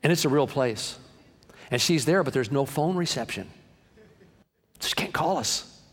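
A man preaching a sermon as pastor, impassioned, swinging between hushed and loud passages. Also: medium pitch, expressive, measured pace. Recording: long hall reverb.

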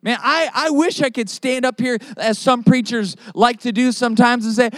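A man delivers a sermon from the pulpit, pressing each point with rhetorical questions. His voice sits very high for a man. The sound is dry and close, with little room echo. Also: steady tone, normal speed, hardly any pauses, a bit bright. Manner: emphatic preaching with rhetorical questions. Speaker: pastor.

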